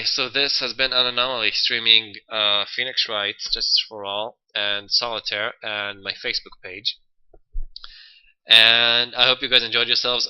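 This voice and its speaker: A man's voice: medium pitch, sharp tone, clean tone, dull audio. A young man hosting a livestream, chatting loosely and swearing casually. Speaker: livestream host. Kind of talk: casual stream chat.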